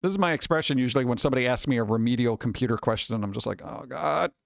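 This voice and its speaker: A man hosting a live stream, talking casually and chattily with relaxed asides. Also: mid-range voice, fast, dry recording, clean studio sound. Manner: laid-back, chatty, trailing off into asides. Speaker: streamer host.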